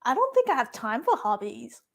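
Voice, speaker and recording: A young woman co-hosting a casual chat, blunt and opinionated, with quick asides. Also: fairly high pitch, sing-song, creaky, fairly bright tone. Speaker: YouTube co-host.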